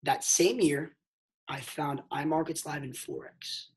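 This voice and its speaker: A man telling a motivational story on a mentorship call, emphatic and excitable, swinging between hushed and loud and calling listeners "bro". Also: on the high side, a little slow, heavy background noise. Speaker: network marketing mentor.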